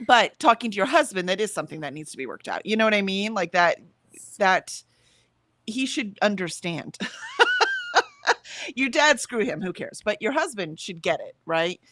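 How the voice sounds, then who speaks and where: A woman's voice: mid-range voice, wildly swooping pitch, normal speed, sharp tone. A woman co-hosting a casual livestream, chatting emphatically, laughing easily, and reading out viewer comments. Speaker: livestream co-host.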